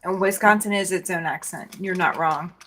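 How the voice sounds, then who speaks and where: A woman talking slowly and matter-of-factly as a guest in a casual chat, heard over a video call. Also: fairly low pitch, sharp tone, a little hiss or hum.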